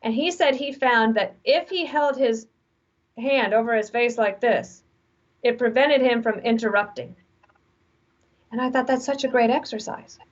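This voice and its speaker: A woman in her forties, speaking as an interview guest who gives frank, animated advice through stories. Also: fairly high pitch. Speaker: guest author. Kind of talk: conversational interview. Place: remote video call. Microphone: video call mic. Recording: dull lo-fi video call audio.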